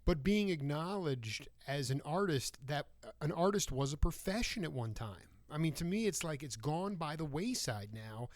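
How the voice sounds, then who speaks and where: A man's voice: a little high, lively intonation, normal speed, hardly any pauses, no echo. A male radio host asking long, rambling interview questions with many restarts.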